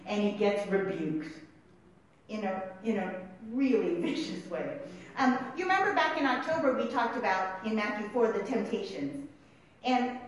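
A woman preaching a sermon in a lively, laughing way, often checking in with "right?". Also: high-pitched. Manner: animated, laughing, tags lines with "right?". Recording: very echoey room.

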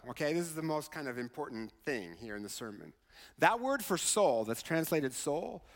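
A man preaching a conversational sermon as a pastor, often checking in with a quick "right?" as he talks. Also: medium pitch, big-room sound. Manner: conversational, keeps asking "right?".

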